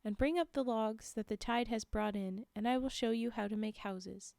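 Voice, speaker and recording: A woman voicing Raven, a male creator spirit bird, in a measured, instructive storytelling tone. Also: fairly high pitch, vocal fry, a little mellow, no echo.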